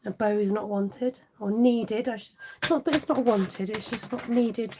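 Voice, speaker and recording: A middle-aged woman demonstrates stamping crafts in a live tutorial, chatting as she works, laughing often and reading viewer comments aloud to answer them. Her voice sits on the high side, steady and unhurried, with a noisy background.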